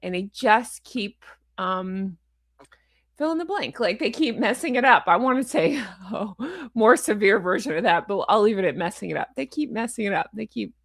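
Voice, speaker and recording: Woman, casual host, chatty, playful, mid-pitched, dry close-mic sound. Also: lively intonation, moderate pace, dry recording. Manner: chatty and playful, laughs often. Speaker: channel host. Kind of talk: casual book recap chat.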